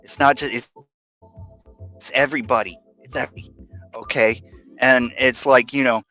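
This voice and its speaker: A man's voice: mid-range voice, fairly even intonation, moderate pace, pushed and bright, rough recording. Rambling, venting man on a live stream. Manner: rambling, venting, many fillers and restarts. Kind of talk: casual rambling live chat. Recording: faint music behind.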